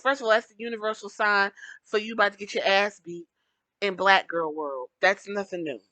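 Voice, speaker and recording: A woman hosting a podcast, giving blunt, animated commentary and slipping into mock voices to make her points. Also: medium pitch, dry recording, poor audio. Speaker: podcast host.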